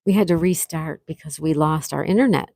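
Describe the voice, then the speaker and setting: Woman host on a live stream reading chat, gasping n gushing thanks, lowish voice, dry close sound. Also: a little fast, gravelly, no room sound. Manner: excited, gushing thanks, frequent gasps. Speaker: livestream host.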